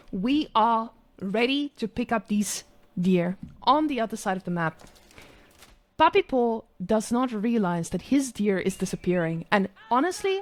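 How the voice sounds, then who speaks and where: A woman's voice: fairly high pitch, fairly bright tone. Girl doing a cocky trash talking gamer guy, bragging about his plays. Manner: boastful, taunting, first-person bragging.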